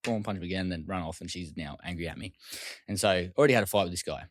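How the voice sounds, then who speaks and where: Casual Australian male guest; low voice, dry close sound, loose rapid delivery with swearing. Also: dry recording. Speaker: interview guest. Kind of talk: casual storytelling interview.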